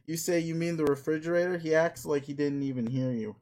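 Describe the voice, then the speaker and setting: A man's voice: fairly high pitch, brisk, darkish tone. A man commenting on a video game as he plays it. He reacts in stammering, flustered bursts. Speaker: gamer playing and reading a game. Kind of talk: let's play commentary.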